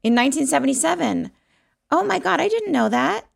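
A woman with a fairly high, lively voice and a gravelly rasp at the edges. She jokes and teases in quick bursts of casual podcast banter, bouncing her pitch up and down as she reacts. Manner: playful, teasing, quick reactions. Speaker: podcast co-host. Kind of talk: casual chat.

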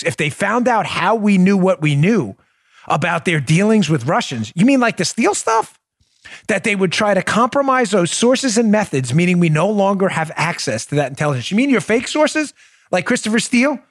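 Animated, sarcastic male podcast host. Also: sits high. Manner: sarcastic, incredulous; talks to his producer on air. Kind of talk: political commentary.

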